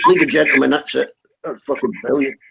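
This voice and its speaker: A man's voice: mid-range voice, fairly even intonation, fast, gravelly, sharp tone, breathy edge, highs cut off. A man chatting casually on an online group call, blunt and swearing freely.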